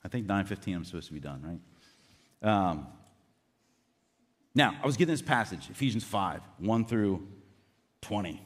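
A man's voice: fairly low pitch, lively intonation, moderate pace, long pauses. A man preaching a sermon in an earnest, conversational way, with casual asides to the congregation. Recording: long reverb of a hall.

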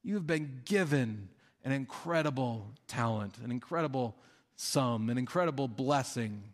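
Man, pastor, sermon, conversational, mid-pitched voice, long hall echo. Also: lively intonation, unhurried. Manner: conversational, with fillers and acted-out quotes.

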